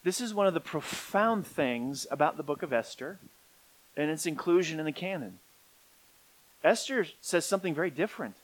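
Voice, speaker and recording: A middle-aged man preaching a sermon, swinging from quiet, low stretches up to emphatic peaks. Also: lively intonation, normal speed, rough recording. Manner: rising to emphatic peaks, then dropping quiet. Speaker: pastor.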